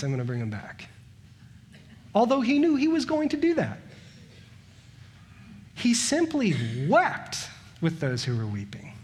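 Pastor, man in his thirties, slightly high voice, chatty sermon delivery, rhetorical questions, rising rhythmic lists. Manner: conversational, asks the congregation rhetorical questions; builds long rhythmic lists with rising emphasis.

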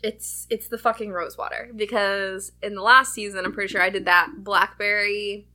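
A woman's voice: medium pitch, little pitch movement, moderate pace, sharp tone. A woman co-hosting a podcast in casual chat, laughing often and swearing freely. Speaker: podcast co-host.

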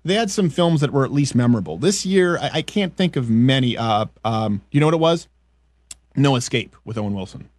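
Animated opinionated male podcast host. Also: medium pitch, fairly quick, no echo. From French Canada. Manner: opinionated, animated, jokey rants. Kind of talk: casual comedic political chat.

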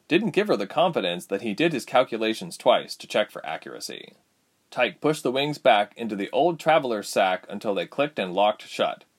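A man reading a story aloud, expressive and lively. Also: lowish voice. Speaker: narrator. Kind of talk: storybook narration.

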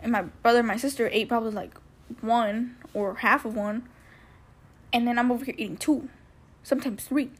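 A woman's voice: on the high side, fairly even intonation, moderate pace, long pauses, husky. A young woman telling a personal story on her podcast in a loose, rambling way, full of "like" and acted-out quotes. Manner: rambling, heavy use of "like", acts out quotes. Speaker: podcast host.

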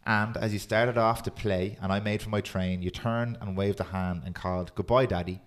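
A man hosting a podcast, chatting casually and reading a poem aloud in a steady, earnest way. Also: on the low side, normal speed. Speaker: podcast host.

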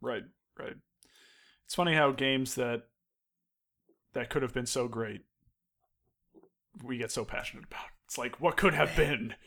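A man's voice: medium pitch, steady tone, measured pace, pauses often, fairly bright tone. Easygoing man chatting on a podcast. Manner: easygoing, short agreeing replies. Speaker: podcast co-host. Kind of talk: casual podcast chat.

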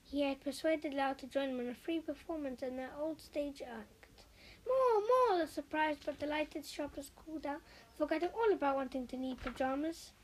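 High-voiced woman reading a children's story. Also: a little fast, a little hiss or hum, rough recording. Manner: expressive, with small slips. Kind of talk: children's story read aloud.

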